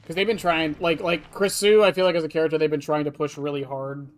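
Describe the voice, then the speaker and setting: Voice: mid-range voice, fairly even intonation, quick pace. A game streamer at a desk chatting casually with viewers, rambling and offhand, answering chat questions and swearing now and then. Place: at a desk indoors.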